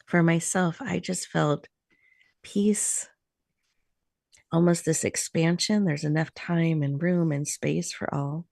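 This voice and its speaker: A woman hosting a talk show who leads a slow, soothing guided meditation with encouraging words. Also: deep voice, fairly even intonation, creaky, darkish tone, no room sound, clean studio sound.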